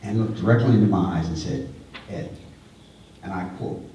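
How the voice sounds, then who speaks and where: A middle-aged man delivers a memorial eulogy in a mellow, darker voice, pausing and repeating himself as he speaks with feeling. He is heard from a distance in a large, very echoey hall, with a faint room hum behind him. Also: sits low. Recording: echoey hall, voice far from the mic.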